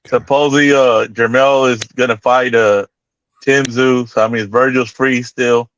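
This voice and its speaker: A man calling in as a panel member for casual boxing chat, talking in a halting way with lots of "uh" between thoughts. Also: mid-range voice, steady tone, a bit bright, a little hiss or hum. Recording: dull, lo-fi call-in audio.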